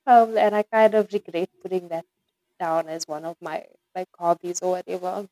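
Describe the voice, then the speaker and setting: A woman's voice: lowish voice, steady tone, moderate pace, mellow, dry recording, poor audio. A young woman from South Africa, a podcast guest, chatting casually with lots of "like" and "um" and frequent giggles. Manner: giggly, chatty, many fillers like "like" and "um". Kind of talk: casual interview chat.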